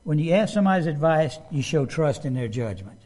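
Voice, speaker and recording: Middle-aged male preacher, fairly high voice, conversational sermon, asks the room questions. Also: expressive, a little fast, darkish tone.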